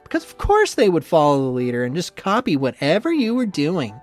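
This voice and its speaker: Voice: medium pitch, huge pitch swings, fairly quick. A spiteful young rival man, voiced by the reader, sneers through every line and swears freely. The speech rises and falls in wide swings. Faint music plays behind him. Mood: angry. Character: bitter, resentful young male rival, sneering. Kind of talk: visual novel voice acting.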